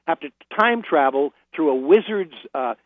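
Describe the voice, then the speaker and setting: Over the phone, an older man chats on the radio in a fairly high voice with lively intonation and a normal pace, and there's no room sound. It's a casual interview where he tells anecdotes, laughs, and starts sentences over.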